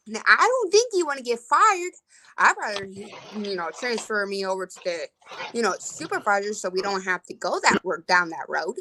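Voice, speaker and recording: A woman's voice: mid-range voice, sing-song, normal speed, pushed and bright, slight background noise, poor audio. A woman in her twenties venting bluntly in a casual open-mic rant. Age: 20s. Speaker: live-stream host.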